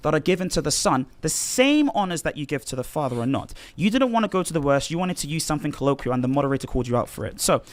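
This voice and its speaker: A man in a formal religious debate, pressing his argument in a fast, insistent way. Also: a little high, animated.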